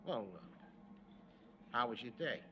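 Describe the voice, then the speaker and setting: An actor playing a blustering, wisecracking middle-aged working-class husband in a 1970s sitcom, gruff and ungrammatical. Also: male voice, mid-range voice, expressive, unhurried, lo-fi sound, lightly acted. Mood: grumbling, coaxing. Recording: noisy sitcom audio with laugh track.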